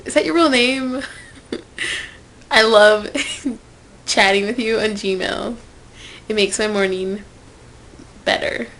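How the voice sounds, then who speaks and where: A young woman telling a personal story to camera in a casual vlog, swinging from loud outbursts to whispered asides. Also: medium pitch, slow pace, pauses often, rough recording. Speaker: vlogger.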